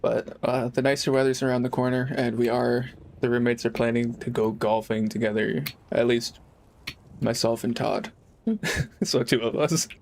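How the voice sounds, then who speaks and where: A man's voice: medium pitch, fairly even intonation, moderate pace, gravelly, a little mellow. A young man chatting casually while streaming a game, rambling and laid-back, swearing freely. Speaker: live streamer. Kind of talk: casual gaming livestream chat.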